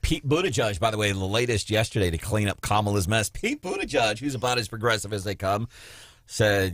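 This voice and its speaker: Male radio host, lowish voice, animated and sarcastic, dry booth sound. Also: brisk, no room sound. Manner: animated, mocking, puts on quoted voices. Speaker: radio talk show host. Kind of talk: political talk radio chat.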